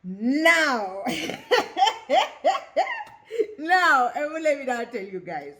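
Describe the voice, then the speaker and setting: A woman's voice: high-pitched, big pitch swings, slow pace, bright, forceful tone. A Kenyan woman in her thirties hosting a talk show, speaking openly and expressively, mixing English with Swahili. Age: 30s. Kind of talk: candid personal monologue.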